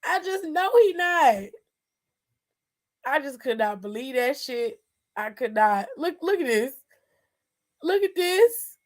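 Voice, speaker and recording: A woman's voice: high voice, expressive, a little slow, long pauses. A woman hosting a casual aftershow, exasperated and swearing, breaking into laughter as she talks. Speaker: show host. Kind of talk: casual reaction commentary.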